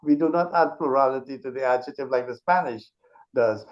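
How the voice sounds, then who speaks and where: A man's voice: mid-range voice, a little fast. A man with an ordinary mid-range voice talks as an interview guest, laying out his ideas with careful examples and frequent restarts. The sound is dull and lo-fi. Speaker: author and speech teacher, interview guest. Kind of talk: earnest conversational explanation. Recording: dull lo-fi recording.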